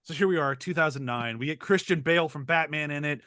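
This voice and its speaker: Guy in his 30s hosting a podcast, kinda high voice, jokey and rambly, dead dry sound. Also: fast talker, pushed and bright, dry recording. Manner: joking, rambling, laughs often. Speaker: podcast host. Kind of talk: casual podcast chat.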